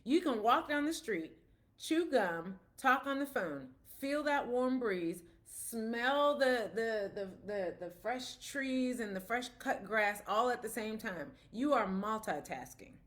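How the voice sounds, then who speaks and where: A mother gives a casual, explanatory talk about autism, telling stories with quoted dialogue in a conversational way. Her voice is a little high, expressive and a bit bright, and she speaks slowly.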